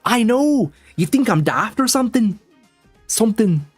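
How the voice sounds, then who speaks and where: A man's voice: on the high side, animated, moderate pace, darkish tone, faint music behind. A man voicing a brash, cheeky young girl from a video game, attempting a Scottish accent that keeps slipping.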